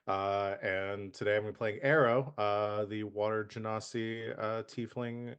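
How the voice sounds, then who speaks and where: Smooth-voiced man on a dull, lo-fi mic. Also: fairly low pitch, steady tone, slow pace, fairly bright tone. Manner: hesitant, chuckling, filler-heavy. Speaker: player.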